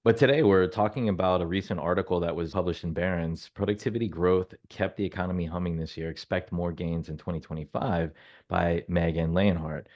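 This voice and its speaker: A man's voice: low-pitched, fairly even intonation, brisk, a little mellow, dull audio. A man co-hosting a business podcast, chatting casually with self-deprecating humor and lots of fillers. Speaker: podcast co-host.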